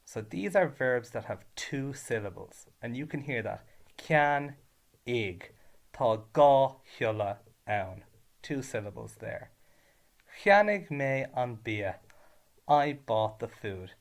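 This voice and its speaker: Slow, deliberate man teaching. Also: medium pitch, expressive, gravelly. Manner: switches between Irish and English, stressing each ending. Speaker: Irish language teacher. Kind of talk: slow, clear grammar lesson.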